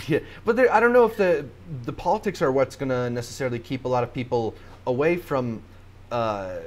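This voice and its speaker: A man's voice: medium pitch, expressive, a little fast. A man hosting a casual podcast, talking through long, run-on points about awards shows. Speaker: podcast host.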